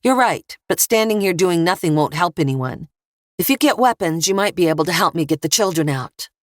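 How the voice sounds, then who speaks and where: A woman's voice: on the low side, expressive, brisk, no room sound, clean studio sound, close to an everyday voice. Woman voicing a determined police officer mother. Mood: urging.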